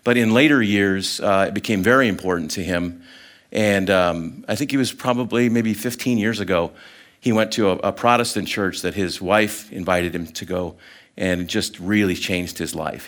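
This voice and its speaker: A middle-aged guest speaker with a fairly low voice gives a sermon told as a story. Animated and chatty, he is full of fillers and restarts and acts out the voices of the people in it.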